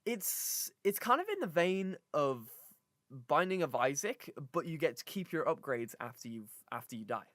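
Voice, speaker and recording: A man's voice: on the high side, very animated, moderate pace, a bit bright, dry recording. A young man co-hosting a live-streamed podcast, chatting casually and rambling, with lots of fillers and restarts.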